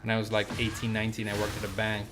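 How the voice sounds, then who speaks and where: A young man streaming a game and telling a story in a relaxed, rambling way, full of fillers. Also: fairly low pitch, very fast, music in the background. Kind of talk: casual storytelling while gaming.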